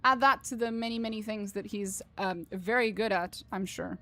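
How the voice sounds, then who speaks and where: A woman's voice: medium pitch, moderate pace, a bit bright. Joking, profane woman streamer. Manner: profane, joking, reads game text aloud. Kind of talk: casual gameplay commentary.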